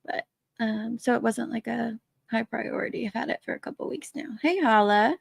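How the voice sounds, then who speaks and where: A woman's voice: a little high, moderate pace, vocal fry, breathy edge, dry recording. A woman hosting a casual live stream, chatting and laughing as she greets viewers by name from her basement man cave. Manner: chatty, laughing often, greeting chat names. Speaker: livestream host.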